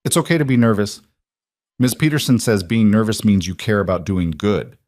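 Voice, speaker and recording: A man voicing a bright six-year-old girl who talks in a matter-of-fact, earnest way. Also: on the low side, normal speed, no echo, clean studio sound, natural voice.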